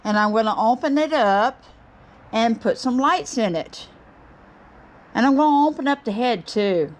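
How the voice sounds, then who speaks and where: Brief: middle-aged woman host, unhurried pace, gushing with excitement, casual chat to camera. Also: a little high. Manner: bubbly, gushing, excited exclamations. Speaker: woodturning channel host.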